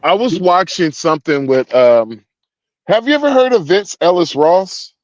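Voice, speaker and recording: A man's voice: high voice, animated, normal speed, dry recording. A man joining as a guest over a call, chatting loosely and animatedly. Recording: dull lo-fi call audio.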